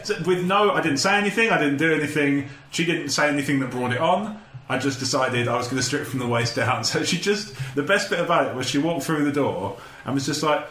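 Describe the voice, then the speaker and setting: A man's voice: fairly high pitch, fairly bright tone. A man telling sweary stories on a podcast, often laughing. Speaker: podcast host. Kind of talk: casual chat, swearing anecdotes. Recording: echoey room with faint noise.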